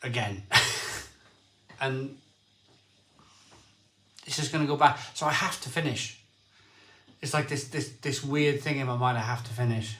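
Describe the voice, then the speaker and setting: A middle-aged man hosting a casual livestream, telling rambling, excitable stories and reading out viewer comments. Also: mid-range voice, unhurried, pauses often, roomy sound. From Barry, Wales. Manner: rambling storyteller, lively and excitable, often restarts sentences. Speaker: livestream host.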